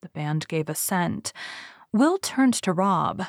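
Female audiobook narrator: steady, even storytelling, low pitch, dry sound. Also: slow, no echo.

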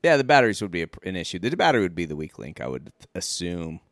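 He is a jokey podcast co-host who riffs on the movie with crude puns. His voice sits low but leaps all over the place. The sound is dry and close. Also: very animated, very fast, dry recording. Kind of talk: casual movie chat.

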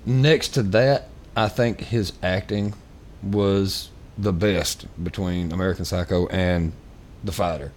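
A man's voice: low-pitched, steady tone, slow pace, few pauses, a little mellow. A man co-hosting a podcast in casual chat, rambling with many fillers and restarts. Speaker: podcast co-host.

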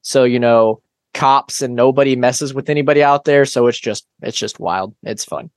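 A man's voice: mid-range voice, normal speed, dry recording. A man chatting as a returning guest on a podcast, telling stories with dry, teasing humor. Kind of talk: casual podcast chat.

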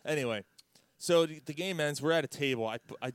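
A man's voice: on the high side, fast talker, smooth, dry recording, studio quality. A man, a podcast co-host telling a story in blunt, profane casual sports chat.

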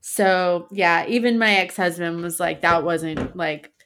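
A woman in her thirties, a podcast co-host, telling a story in casual chat with lively swearing. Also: on the low side, measured pace, a little hiss or hum. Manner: animated storytelling, swears freely.

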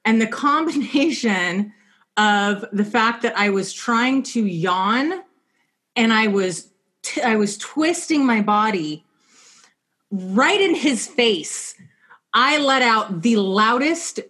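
A woman's voice: on the high side, slow. Woman cohosting a podcast, chatty storyteller, laughs a lot mid-sentence. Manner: animated, laughs often while telling stories. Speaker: podcast co-host. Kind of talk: casual chat, storytelling.

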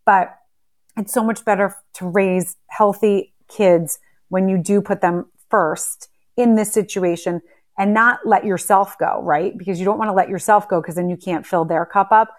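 A woman's voice: medium pitch, fairly even intonation, normal speed. A woman in a casual chat, speaking earnestly and reflectively as she affirms the guest.

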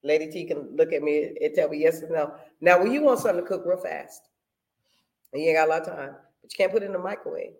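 A woman on a faith podcast, telling her story in a lively, preachy way and acting out her own prayers. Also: sits low, fast. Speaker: podcast co-host. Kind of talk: casual faith podcast talk.

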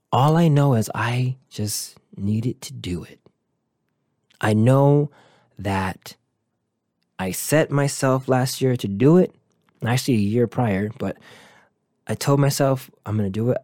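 A man's voice: fairly low pitch, takes it slowly, pauses often, darkish tone, no echo, clean studio sound. A man hosting a motivational podcast, talking earnestly and encouragingly in a loose, rambling way. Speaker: podcast host.

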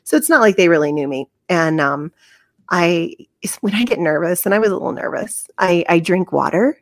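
A woman co-hosting a podcast in casual chat, self-deprecating and quick to laugh. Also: lowish voice, animated, no room sound, clean studio sound. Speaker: podcast co-host.

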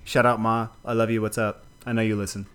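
This podcast co-host has a fairly low, clean-toned voice and talks fast. He chats casually about a film, animated and laughing often, swearing freely as he goes.

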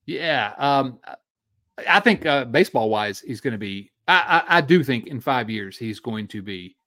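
Man, 40s, Midwestern accent, lively pitch, podcast co-host, laughs easily. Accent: Midwestern American. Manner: animated, chatty, quick to laugh. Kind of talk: casual sports talk.

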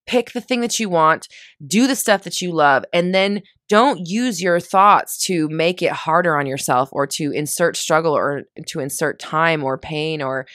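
A woman's voice: sits low, a bit bright, no room sound, clean studio sound. A woman coaching listeners in a casual motivational monologue, chatty and self-mocking when she loses her words.

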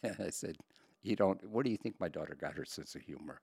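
A man's voice: deep voice, animated, fast, gravelly, a little mellow, husky, no room sound. An older man co-hosting a podcast, chatting casually and joking with frequent laughs. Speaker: podcast co-host. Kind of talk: casual chat.

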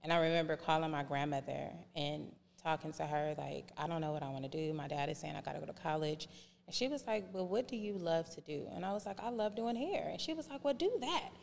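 Low-voiced woman telling stories in a reverberant room. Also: quick pace, vocal fry. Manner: animated, acts out remembered dialogue in voices. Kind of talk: casual podcast storytelling. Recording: reverberant room with faint background noise.

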